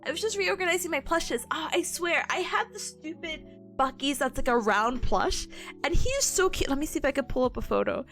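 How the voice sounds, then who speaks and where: A woman's voice: high voice, expressive, brisk, fairly bright tone, faint music behind. A woman streaming and chatting casually, telling stories in a bubbly, giggly way. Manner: giggly, bubbly storytelling, frequent laughter.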